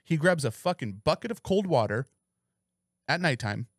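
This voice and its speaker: A man co-hosting a podcast, telling a story in a casual, profane, animated way. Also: on the high side, normal speed, no echo, clean studio sound. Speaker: podcast co-host. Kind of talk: casual chat.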